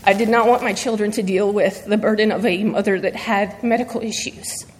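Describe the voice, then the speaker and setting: A woman sharing a personal faith testimony before her church, speaking earnestly and haltingly through emotion. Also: mid-range voice, fairly even intonation, slight background noise. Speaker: church member giving testimony. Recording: long reverb of a large hall.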